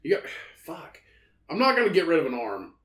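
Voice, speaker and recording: A man's voice: a little high, wildly swooping pitch, brisk, a bit bright, echoey room. Man cracking crude incredulous jokes. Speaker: podcast co-host. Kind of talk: casual banter.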